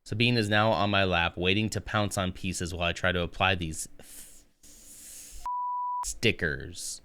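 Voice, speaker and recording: A man's voice: low voice, steady tone, measured pace, pushed and bright, a little hiss or hum. A man chatting casually on a live stream while building a model kit, rambling and muttering to himself as he works.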